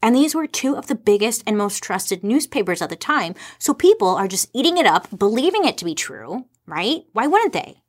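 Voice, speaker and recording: A woman's voice: mid-range voice, very animated, normal speed, hardly any pauses. A woman hosting a casual comedic history explainer, irreverent and sarcastic, swearing freely and tossing rhetorical questions at her audience.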